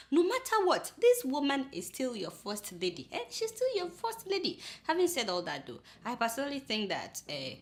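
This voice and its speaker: A woman's voice: high-pitched, normal speed, few pauses. A woman from Nigeria with a Nigerian accent, hosting a comedic commentary show and teasing her audience. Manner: lively, teasing, laughs often. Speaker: host.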